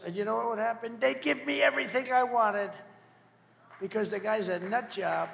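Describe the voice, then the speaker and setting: A man's voice: high-pitched, moderate pace, vocal fry, long reverb tail, slight background noise. A man giving a rambling, repetitive rally speech as a political candidate, jabbing with insults and asides. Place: large campaign event venue.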